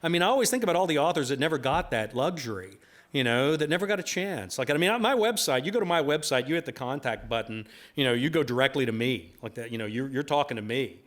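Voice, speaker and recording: At a book event, a male author tells stories to a live audience in a rambling, self-deprecating way, laughing at his own jokes and repeating filler phrases constantly. His mid-range voice is animated, fast, and a bit bright.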